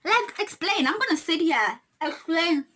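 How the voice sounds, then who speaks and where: A young South African woman in her twenties telling a storytime vlog, animated and dramatic, acting out quotes and laughing. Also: very high voice, measured pace. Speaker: YouTuber.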